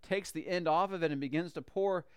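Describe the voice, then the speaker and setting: A man tells a Bible story with lively, chatty energy, often restarting phrases as he goes. His voice sits high, and the recording is dry and close. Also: brisk, smooth, no room sound. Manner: lively, conversational, with frequent restarts. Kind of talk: animated Bible story retelling.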